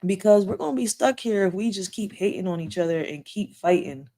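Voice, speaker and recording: A woman's voice: on the low side, quick pace, few pauses, dark tone. A woman hosting a casual live story time, talking bluntly to her viewers in streetwise slang and swearing freely. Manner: blunt, profane, streetwise talk with repeated "yo" and "like". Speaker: livestream host.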